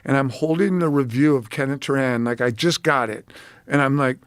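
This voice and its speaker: A middle-aged man, a film director, telling animated, profane stories in a casual chat and acting out the voices of people he quotes. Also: medium pitch, fairly quick, smooth, dry recording.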